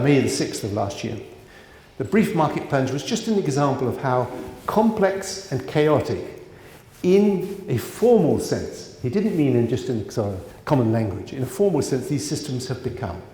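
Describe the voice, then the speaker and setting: A man's voice: mid-range voice, lively intonation, moderate pace, mellow. Man lecturing in an echoey hall. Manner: conversational, digressive, frequent asides and fillers. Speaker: economics professor giving a lecture. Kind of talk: conference lecture. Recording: roomy lecture hall reverb.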